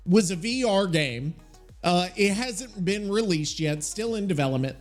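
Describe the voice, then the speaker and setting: A man's voice: high-pitched, expressive, a little slow, soft background music. A man hosting a casual podcast alone, rambling and swearing freely as he thinks aloud and looks things up. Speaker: podcast host. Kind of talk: casual solo podcast chat.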